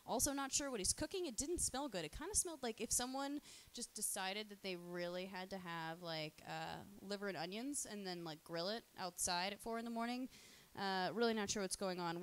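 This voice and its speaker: A woman's voice: medium pitch, a little hiss or hum. A woman streaming live, talking in a casual, rambling monologue full of swearing and fillers. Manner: crude, profane, rambling with many fillers.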